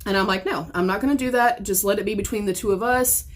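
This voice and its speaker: A woman, telling a painful story while getting ready, upset and close to tears, cursing often and jumping from low murmurs to sudden loud outbursts. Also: quick pace. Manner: heavy swearing, swings from quiet to sudden loud outbursts. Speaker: beauty vlogger. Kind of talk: emotional get-ready-with-me storytelling.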